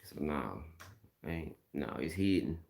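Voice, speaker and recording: A man's voice: rumbling low, lively intonation, slow pace, creaky, a little mellow. A middle-aged man from Mississippi with a Southern accent, talking bluntly and casually on a live stream, repeating his points in slang.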